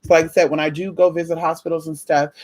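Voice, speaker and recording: A woman chatting casually to camera about spiritual energy. She swears freely and acts out conversations with sudden high jumps in pitch. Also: quick pace. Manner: animated, profane, acts out quoted exchanges with big pitch jumps. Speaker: spiritual vlogger.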